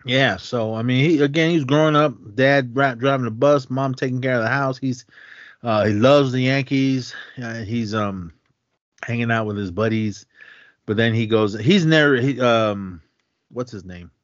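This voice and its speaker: A man's voice: medium pitch, normal speed, no echo, dull audio. A man from Oakland, California, co-hosting a podcast and chatting casually and enthusiastically about a film. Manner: rambling, enthusiastic, laughs often. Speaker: podcast co-host. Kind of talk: casual movie review chat.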